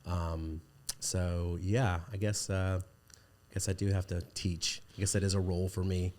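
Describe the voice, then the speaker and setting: A man in his forties with a deep, low voice talks as a podcast guest. He rambles and restarts his sentences in a casual conversational way. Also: flat delivery, unhurried, a little mellow. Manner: rambling, with many restarts and fillers.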